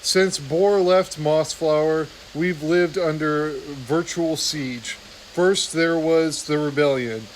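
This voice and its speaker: A man reading a novel aloud, voicing a wise old female badger with slow, measured emphasis. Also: fairly high pitch, fairly even intonation, a little hiss or hum, low-quality recording. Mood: earnest.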